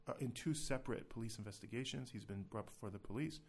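A man's voice: mid-range voice, quick pace, creaky, slightly rough. A man hosting a casual podcast, talking in a chatty, self-deprecating way with loose restarts. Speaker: podcast host.

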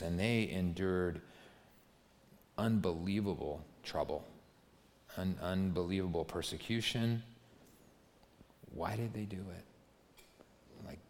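Guy preaching, super conversational, keeps saying right?, echo from a big hall. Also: low voice. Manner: conversational storytelling, keeps asking "right?", acts out quotes. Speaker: pastor. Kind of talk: sermon. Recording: long hall reverb.

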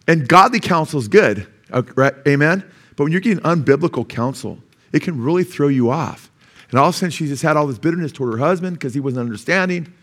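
A pastor preaching a sermon, often asking the congregation "Amen?" and acting out the voices of doubters. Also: male voice, on the high side. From United States.

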